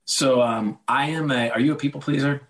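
A man's voice: medium pitch, steady tone, fairly quick, low-quality recording. Middle-aged guy on a podcast, chatty, pokes fun at himself, does little voices for quotes. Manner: chatty and self-deprecating, acts out quotes. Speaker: author and guest. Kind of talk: casual podcast conversation.

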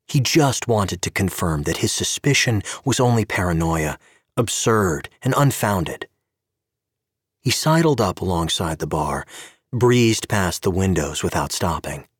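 A man giving an expressive scripted narration of an audio story. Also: deep voice, takes it slowly, slightly rough, no room sound, clean studio sound.

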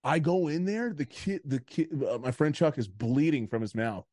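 A man's voice: a little high, lively intonation, moderate pace, darkish tone, no echo, studio quality. A man co-hosting a podcast, telling a story in casual chat, rambling and swearing with lots of "like". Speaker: podcast co-host.

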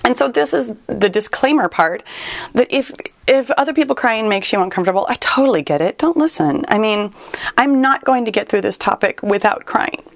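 A woman hosts her own podcast, speaking close to the mic in a dry, deadened space. She sounds near tears, talks in halting, repeated starts and lets small laughs slip through. Her pitch sits in a middle range for a woman. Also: lively intonation, vocal fry, dry recording. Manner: emotional, tearful, laughs often, repeats words while searching for them. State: on the verge of tears. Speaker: podcast host and fitness trainer. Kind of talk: personal podcast monologue.

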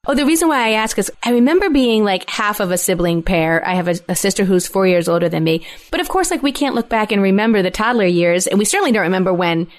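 A woman's voice: mid-range voice, expressive, fast, few pauses. A woman hosting a casual podcast chat, retelling listener stories and asking her co-host questions. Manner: warm storyteller reading listener stories.

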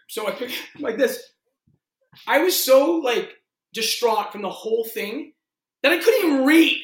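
A male actor telling audition stories in a casual interview, animated and full of "like". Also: very high voice. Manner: animated, fast-shifting, heavy use of "like". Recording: roomy echo.

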